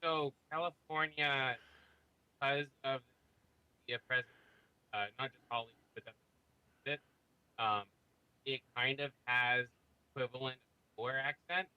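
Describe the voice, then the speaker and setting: A man from Oregon chatting with gaming friends over voice call, explaining things in a halting, rambling way with many fillers. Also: medium pitch, fairly even intonation, pushed and bright, clean tone, highs cut off. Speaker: player in a gaming group.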